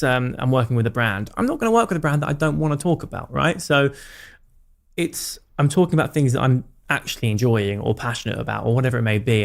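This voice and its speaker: A man, a podcast guest talking candidly and reflectively, with many fillers and quick asides. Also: medium pitch. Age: 30s. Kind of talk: casual conversational interview.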